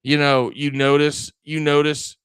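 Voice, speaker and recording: A man's voice: on the high side, level tone, measured pace, fairly bright tone, clear, resonant tone, dry recording. Angry, rambling man ranting on a livestream. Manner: angry, profane, rambling with frequent restarts. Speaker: livestream podcast host.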